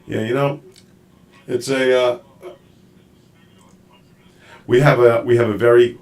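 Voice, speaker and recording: A man hosting a casual live stream, talking loosely and stumbling over restarts and fillers. His pitch sits in an ordinary middle range for a man. He sounds like he is speaking into a computer mic. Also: steady tone. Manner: rambling, halting, with many fillers. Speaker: show host.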